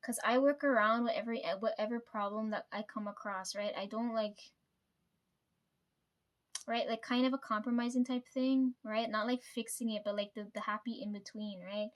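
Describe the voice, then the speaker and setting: A woman's voice: fairly high pitch, fairly even intonation, normal speed. A young woman vlogging casually to her viewers, venting about family with lots of swearing and "right?" tags. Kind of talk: casual personal vlog.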